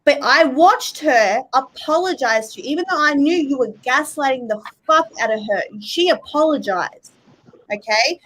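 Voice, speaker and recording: Exasperated high-voiced woman. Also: expressive, normal speed, fairly bright tone, poor audio. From Australia. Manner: blunt, exasperated, swears. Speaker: live stream guest. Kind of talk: heated live stream argument.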